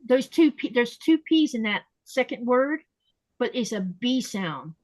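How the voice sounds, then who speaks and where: A woman hosting a casual podcast chat, talking easily and slowing down to spell out how words are said. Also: on the high side, very animated, a little mellow, no room sound. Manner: chatty, explains pronunciation slowly and repeats words. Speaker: podcast host.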